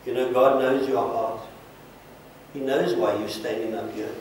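A man's voice: medium pitch, steady tone, a little slow, a little mellow, slight background noise. A man leading an altar call as pastor, praying earnestly and repeating short pleading blessings over the congregation. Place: large church sanctuary. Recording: very echoey church from far off.

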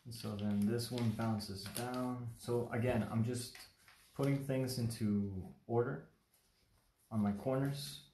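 A man's voice: medium pitch, steady tone, takes it slowly, mellow, echoey room, a little hiss or hum. A man from Mexico teaching paper folding in a casual livestream, rambling and chatty, often checking in with the viewer. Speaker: origami instructor. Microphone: livestream phone or webcam mic.

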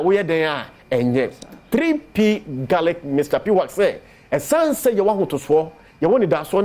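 Ghanaian man, fairly high voice, persuasive TV product pitch, repeats key phrases. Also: a little mellow. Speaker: herbal medicine presenter. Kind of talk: promotional talk on TV show.

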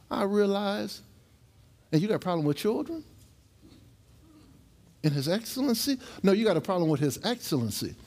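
A middle-aged male pastor delivering a sermon to his church, telling stories and jokes in a conversational way and stretching out key phrases slowly for emphasis. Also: high voice, darkish tone. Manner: conversational storytelling preaching with jokes; slow, emphatic drawn-out phrases. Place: church service with congregation.

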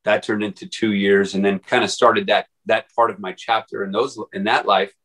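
A man's voice: on the low side, level tone, normal speed, a bit bright, rough recording. A man guest on an interview podcast, telling his story casually in a rambling way with many fillers and restarts. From Texas.

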